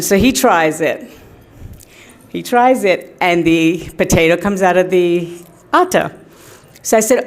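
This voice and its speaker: A woman's voice: fairly low pitch, expressive, measured pace, pauses often. Chatty middle-aged woman telling stories. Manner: chatty storytelling, often laughing, many fillers. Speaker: devotee giving a tribute to her teacher. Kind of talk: personal anecdotes in a tribute talk.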